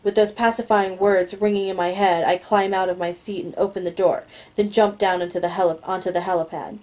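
Female amateur reader with a mellow voice, mid-range pitch, reading fiction who trips over words and breaks in with asides. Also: fairly even intonation, brisk, poor audio. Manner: stumbles on words, adds asides. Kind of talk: reading a novel aloud.

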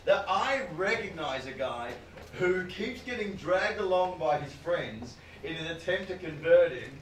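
A man doing a stand-up comedy set, ranting loudly and swearing as he mocks people, recorded live in a comedy club. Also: high voice, expressive, measured pace, a little hiss or hum. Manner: loud, sweary, mocking rants. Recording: roomy, distant live-room recording. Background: audience laughter.

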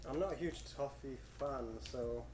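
A man's voice: medium pitch, moderate pace, music in the background. A young British man chatting casually during a snack taste test, laid-back with dry remarks. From United Kingdom. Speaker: co-host. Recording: echoey room with background noise.

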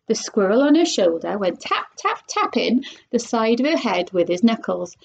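A woman's voice: on the high side, big pitch swings, normal speed, gravelly, a little hiss or hum. A woman, a primary school teacher, reading a children's storybook aloud expressively. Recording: dull lo-fi recording.

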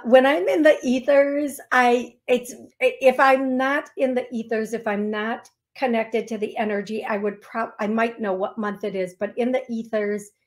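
A woman psychic medium giving a call-in reading on a radio show, speaking gently and calling the caller love. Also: a little high. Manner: soft-spoken, affectionate, calls caller love. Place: radio studio.

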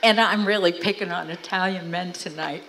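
Speaking to a church crowd as a guest, a middle-aged woman animatedly recounts family tales, performing her relatives' quoted words. Her voice is lowish with vocal fry at a moderate pace, a crowd audible behind her on a low-quality recording.

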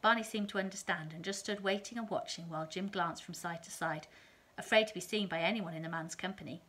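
Woman, lowish voice, calm reader, children's novel, steady. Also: quick pace. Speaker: teacher reading aloud. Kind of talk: reading a children's novel aloud.

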